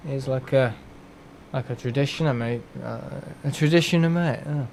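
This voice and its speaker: Blunt swearing streamer. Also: male voice, mid-range voice, moderate pace, a little mellow, slight background noise. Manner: blunt, rambling, joking, swears freely. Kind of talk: live game stream chat.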